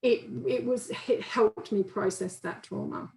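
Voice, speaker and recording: A woman's voice: mid-range voice, unhurried, vocal fry, a little mellow, roomy sound, rough recording. A woman counsellor giving an informal, conversational training talk and acting out inner voices in quotes. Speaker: counsellor and guest speaker.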